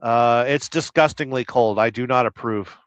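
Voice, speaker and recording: This Southern California trucker, middle-aged, speaks at a medium pitch and normal speed in a smooth voice with no echo. On his laid-back live stream he works crudely through viewer comments, humming nonsense syllables in between, over slightly dull lo-fi audio.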